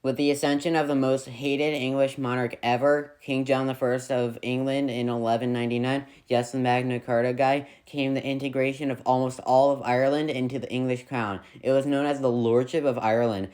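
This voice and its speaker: A man's voice: medium pitch, level tone, brisk, few pauses, darkish tone, soft background music. A man narrating a history video in a scripted way, with playful, sarcastic asides.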